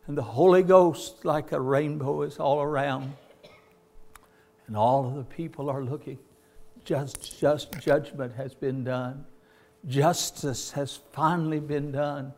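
A man preaching a sermon with passion, swelling to loud, drawn-out peaks and calling listeners "my friend". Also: medium pitch, flat delivery.

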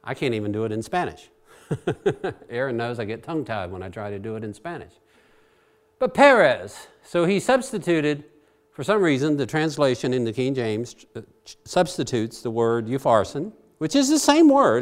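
A man preaching a Bible sermon in a chatty, animated way, swinging between loud and quiet. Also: medium pitch, moderate pace. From Virginia.

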